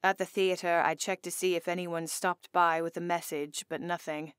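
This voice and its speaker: A woman's voice: fairly low pitch, little pitch movement, normal speed, clear, resonant tone, no room sound. A woman narrating a first-person romance audiobook in an intimate, earnest storytelling manner, on a close studio mic.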